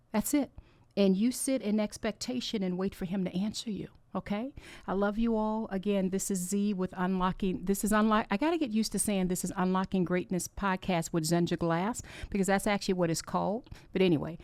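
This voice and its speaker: A woman's voice: on the low side, fairly even intonation, brisk, a little mellow, no echo. A woman hosting her own podcast, giving an earnest, encouraging faith-based talk that is close to tears. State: tearful. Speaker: podcast host.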